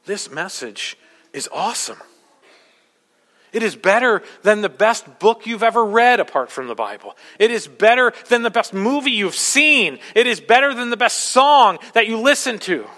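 A male pastor preaching a sermon with urgent emphasis, swinging from soft passages to loud ones. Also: sits high, big pitch swings, normal speed, in a large hall. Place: church.

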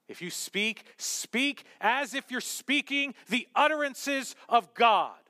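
A man preaching a sermon, animated, with joking asides, swinging between loud emphasis and hushed remarks. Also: extremely high pitch, takes it slowly, hardly any pauses. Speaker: pastor. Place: church sanctuary. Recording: long reverb of a church hall.

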